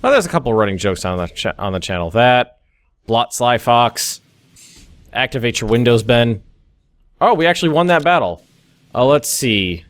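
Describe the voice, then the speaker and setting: A man's voice: medium pitch, sing-song, moderate pace, pauses often, no room sound. An American young man hosting a let's play, thinking aloud through a strategy game with frequent restarts and asides. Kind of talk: casual gameplay commentary. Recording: faint music behind.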